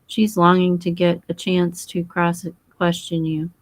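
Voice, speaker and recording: A woman's voice: on the low side, monotone, a little slow, no echo, poor audio. A woman voicing an earnest, boyish young English husband who talks frankly and eagerly.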